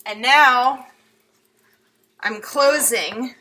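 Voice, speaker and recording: A woman's voice: on the high side, very slow, reverberant, heavy background noise. A woman showing a bread recipe in her home kitchen, chatty and giggly as she talks through each step. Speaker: home baker demonstrating a recipe. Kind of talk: casual cooking demonstration.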